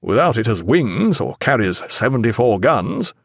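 A man voicing a jovial, hearty sailing-ship captain who talks with booming, old-fashioned enthusiasm. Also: sing-song, moderate pace, dry recording, clean studio sound. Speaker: ship's captain.

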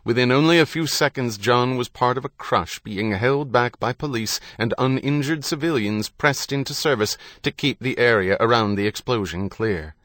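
A man narrating an audiobook in a measured, grave reading. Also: mid-range voice, fairly bright tone, no room sound, studio quality. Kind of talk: scripted narration.

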